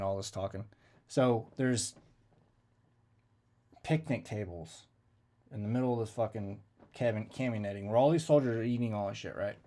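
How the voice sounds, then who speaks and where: Man, low-ish voice, loose profane storyteller, acts out the dialogue. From United States. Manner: profane, animated storytelling with quoted exchanges. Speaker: veteran storyteller. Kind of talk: casual storytelling.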